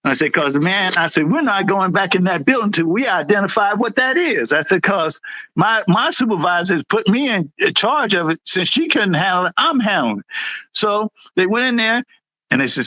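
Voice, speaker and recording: A middle-aged man, a military veteran, tells stories in a casual, animated way. His voice jumps high whenever he acts out what someone said. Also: normal speed, dry recording, low-quality recording. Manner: animated, jumps high when acting out quotes. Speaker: veteran guest, former Air Force supervisor. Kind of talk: casual storytelling.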